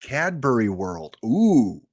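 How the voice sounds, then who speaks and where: A man's voice: mid-range voice, sing-song, takes it slowly, darkish tone. A man streaming a game live, chatting and joking with his viewers. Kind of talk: casual live-stream chat.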